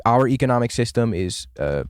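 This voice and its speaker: A man's voice: mid-range voice, expressive, brisk, smooth, no room sound, clean studio sound. A man co-hosting a podcast in casual political chat, laid-back and joking, using political jargon. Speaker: podcast co-host.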